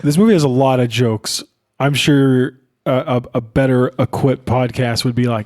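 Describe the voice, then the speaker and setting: A man's voice: medium pitch, moderate pace, darkish tone. A man co-hosting a podcast, talking about a film in a loose, laid-back way and saying dude a lot. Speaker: podcast co-host. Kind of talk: casual film chat.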